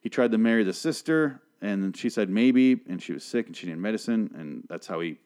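A man's voice: on the low side, lively intonation, brisk, a little mellow. A man hosting a solo TV review show, recapping an episode in a rambling, profane, self-correcting way. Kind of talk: casual solo recap podcast.

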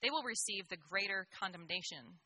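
A woman reading scripture aloud in a measured, clear way during a service. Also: mid-range voice, expressive, pushed and bright, dry recording. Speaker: scripture reader. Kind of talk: liturgical Bible reading.

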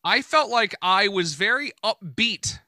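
A man's voice: high-pitched, lively intonation, unhurried, pushed and bright, dry recording. A man hosting a casual podcast chat, upbeat and joking, with lots of fillers and restarts. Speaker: podcast host. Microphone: remote call.

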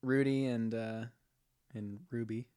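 A man's voice: medium pitch, steady tone, takes it slowly, warm tone, smooth. A man co-hosting a casual podcast chat, laughing often and trailing off into fillers. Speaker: podcast co-host.

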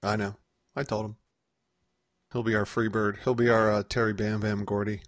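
A man's voice: on the low side, flat delivery, moderate pace, dry recording. Man, casual podcast chat, rambling storyteller, dry close sound. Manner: rambling, with frequent restarts and laughs. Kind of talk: casual chat recounting a convention trip.

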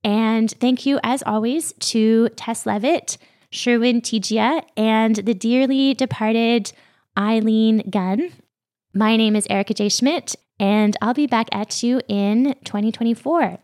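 A woman hosting her own podcast, talking warmly and heartfelt as she thanks her listeners, a little teary. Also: fairly high pitch, slow. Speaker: podcast host. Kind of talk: casual solo podcast talk.

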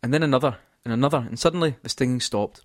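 A man's voice: medium pitch, very fast. A man hosting and reading a story aloud, jokey and giggly throughout. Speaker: podcast host and reader.

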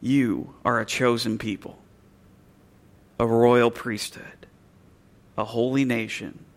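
A male pastor preaching a sermon in a church, earnest and emphatic, slowing and softening on key phrases. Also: mid-range voice, level tone.

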